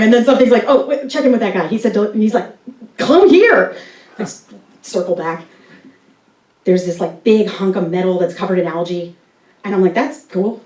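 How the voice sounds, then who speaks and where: A woman's voice: medium pitch, roomy sound, far from the mic, rough recording. A woman telling a true personal story on stage, acting out quotes and laughing as she goes. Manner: animated, acts out quotes, laughs while telling.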